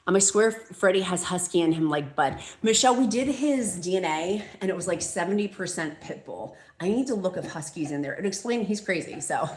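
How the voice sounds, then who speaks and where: A woman's voice: on the low side, animated, a little fast, few pauses, darkish tone. A woman, hosting a live stream from home, chatting casually and reading viewer comments aloud in a gushing, talkative way. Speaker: host of a live weight loss stream. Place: room at home. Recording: echoey room, faint noise.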